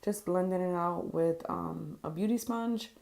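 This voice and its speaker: A woman's voice: lowish voice, a little slow, gravelly, darkish tone. A woman talking casually through her makeup routine as a vlogger, candid and swearing freely with lots of ums. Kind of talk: casual makeup tutorial voice-over.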